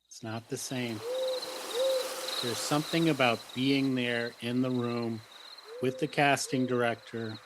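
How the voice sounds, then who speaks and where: A man who is an actor, a guest on a podcast, giving earnest, halting acting advice in casual chat. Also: medium pitch, fairly even intonation, noisy background.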